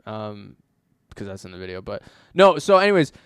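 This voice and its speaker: A young man co-hosting a casual podcast, telling an animated story full of acted-out quotes and frequent laughter. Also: on the low side, moderate pace, clear, resonant tone, no room sound, studio quality. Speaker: podcast co-host.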